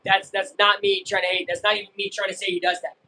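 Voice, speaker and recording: While streaming a live baseball game, a young man chats and reacts casually in a watch-along, rambling, cutting himself off, and breaking into bursts of excited yelling. His voice is high-pitched and quick. The low-quality recording has slight background noise.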